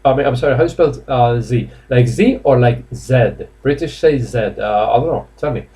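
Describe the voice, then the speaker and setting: With a mellow, mid-range voice at normal speed, a man from Spain leads a live online English lesson in his Spanish accent. He's indoors in a classroom or office, chatting and coaxing, with lots of fillers and laughs.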